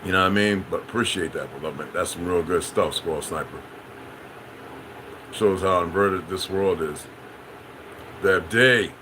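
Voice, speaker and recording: A man's voice: low-pitched, measured pace, long pauses, noisy background. A man hosting a livestream, talking in a loose, meandering way, repeating himself and speaking straight to viewers in the chat. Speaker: livestream host. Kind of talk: rambling livestream monologue, answering chat.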